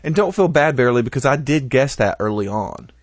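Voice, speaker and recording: A man's voice: mid-range voice, animated, a little fast, dry recording. A man co-hosting a casual podcast, reading out listener comments and cracking jokes as he goes. His voice sits in a middle range and is recorded dry, with no room sound. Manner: joking, laughs often. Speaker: podcast co-host.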